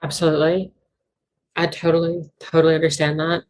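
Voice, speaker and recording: Woman from virginia, interview guest, deep voice, soft short replies, faint noise. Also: level tone, a little fast, poor audio. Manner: soft, brief agreeing replies. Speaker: guest musician.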